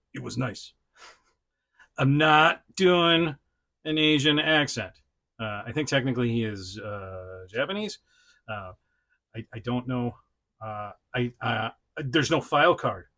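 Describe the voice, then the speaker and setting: A man with a bright, forceful voice hosts a loose, unscripted toy review vlog. He rambles, laughs often and breaks off mid-thought with fillers, and he chats directly to the action figure as he talks. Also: medium pitch. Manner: frequent fillers and self-restarts. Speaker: toy reviewer, channel host. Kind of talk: casual unscripted vlog chat.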